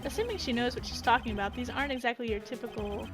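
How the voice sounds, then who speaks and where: A woman's voice: on the high side, rapid-fire, close to an everyday voice. A woman voicing a wry young male defense lawyer who makes dry, musing asides. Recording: game music behind.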